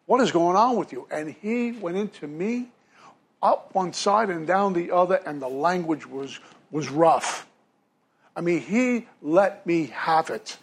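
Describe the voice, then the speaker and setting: A man's voice: a little high, lively intonation, slow pace, breathy edge. A man from Brooklyn, telling his recovery story to a meeting from a podium in a self-deprecating way. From Brooklyn, New York. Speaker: recovery speaker.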